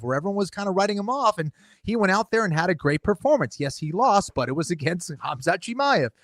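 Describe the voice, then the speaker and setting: A man giving measured fight picks as a podcast co-host, with "you know" and "um" fillers. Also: sits high, fairly bright tone, no echo, studio quality. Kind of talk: casual podcast analysis.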